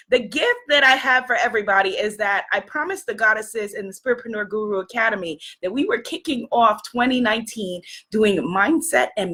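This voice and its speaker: A woman with a high, bright voice that is hoarse and strained runs a motivational live stream. She talks with eager energy into a clip-on mic, calling out viewers by name. Her tone stays upbeat and coaching throughout. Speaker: spiritual business coach and live-stream host. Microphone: clip-on microphone.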